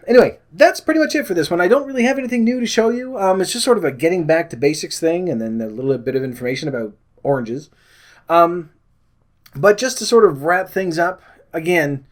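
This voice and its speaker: A Canadian man chatting loosely to his camera, voice sitting a bit high for a man. He wanders off topic, piles on ums and corrects himself mid-sentence. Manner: rambling, many fillers and self-corrections. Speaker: vlogger. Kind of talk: casual chat to camera.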